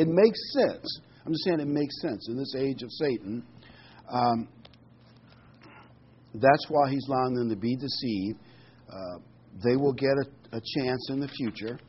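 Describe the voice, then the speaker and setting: A man's voice: mid-range voice, dull audio, a little hiss or hum. A middle-aged man giving a casual sermon, reading scripture and musing aloud with frequent ums and restarts. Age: middle-aged or older. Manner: conversational, rambling, many ums and restarts. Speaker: preacher.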